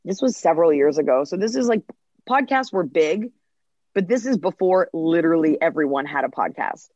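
A woman comedian in her thirties, a podcast guest, telling quick, chatty stories and acting out quoted lines in casual interview talk. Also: on the low side, animated, darkish tone, no echo, highs cut off.

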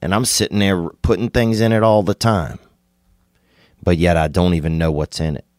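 A man, hosting a podcast and rambling through an absurd comic monologue, laid-back with sudden excited bursts. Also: low-pitched, normal speed, dry recording, studio quality. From Louisiana. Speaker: podcast host.

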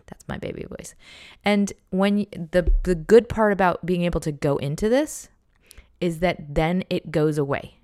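Low-voiced woman giving reflective advice. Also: normal speed, a little mellow, dry recording, clean studio sound. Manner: reflective and conversational, with frequent restarts. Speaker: journaling guide. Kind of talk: casual self-help talk.

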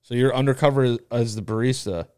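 A man co-hosting a comedy podcast, laying out a crude bit in a deadpan way. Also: mid-range voice, brisk, smooth, dry recording, studio quality. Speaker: podcast co-host. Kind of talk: casual comedy chat.

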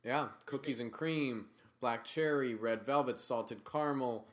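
A man's voice: medium pitch, unhurried. A man co-hosting a podcast in casual chat, joking and teasing his co-host.

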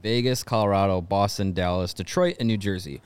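A man's voice: deep voice, brisk, darkish tone, smooth, no room sound. A man co-hosting a casual sports podcast, making dry, wry remarks. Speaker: podcast co-host.

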